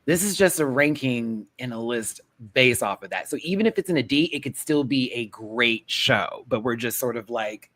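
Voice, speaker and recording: Sassy animated male panel host. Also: mid-range voice. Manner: sassy, animated, quick asides. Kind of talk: casual panel chat.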